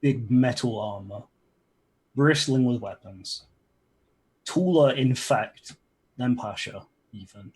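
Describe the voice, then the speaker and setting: A man narrating as game master of a tabletop game, halting, with frequent ums and restarts. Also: medium pitch, breathy edge.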